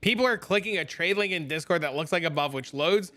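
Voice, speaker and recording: A man's voice: fairly high pitch, fast talker, pushed and bright. A man streaming a game and chatting casually with viewers, blunt, profane and rambling. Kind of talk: casual live-stream chat.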